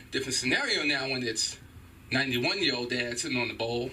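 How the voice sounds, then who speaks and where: A middle-aged man doing a stand-up set in a small comedy club, animated and profane as he acts out loud voices. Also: medium pitch, brisk, recorded from a distance, a little hiss or hum, poor audio. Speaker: stand-up comedian at an open mic.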